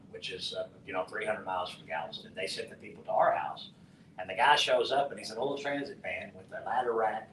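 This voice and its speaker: A middle-aged man from West Texas, telling a profane, animated story to a conference audience and acting out the dialogue. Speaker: conference speaker. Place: conference hall. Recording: roomy, distant mic with faint rumble.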